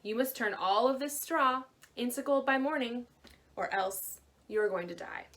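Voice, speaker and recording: A woman's voice: a little high, normal speed, fairly bright tone, natural voice. A woman voicing a greedy fairy-tale king who gives bossy, commanding orders. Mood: demanding. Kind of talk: storybook reading.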